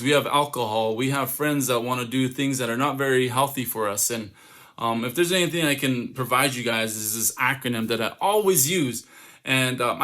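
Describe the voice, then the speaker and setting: A man with a bright, forceful voice gives an upbeat motivational talk to young people. He is a comedian, and he tells stories by acting out quick quotes. It sounds like a home video-call recording. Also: medium pitch. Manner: lively storytelling with acted-out quotes and laughter. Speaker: comedian and youth speaker. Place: home, online summit.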